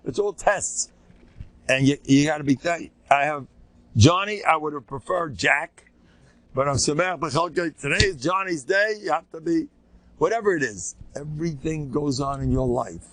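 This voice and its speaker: An older man, a rabbi, giving an informal, animated Torah lecture, joking and asking his listeners rhetorical questions. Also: a little high, moderate pace, dry recording. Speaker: rabbi teaching a class.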